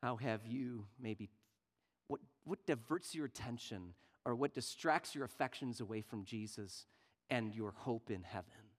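A man preaching a sermon earnestly, dropping to near-quiet and rising loud for emphasis. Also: mid-range voice, a little slow.

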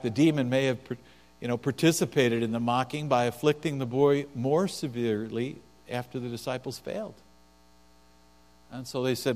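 A man preaching a sermon as pastor, swinging between soft, quiet passages and loud, emphatic ones. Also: medium pitch. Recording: long hall reverb with mains hum.

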